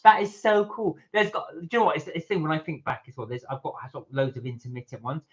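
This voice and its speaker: A man's voice: on the high side, animated, fast talker, crowd noise. A man co-hosting a casual live-stream chat, reading viewer comments aloud with frequent uhs. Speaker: vlog co-host. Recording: dull lo-fi stream audio.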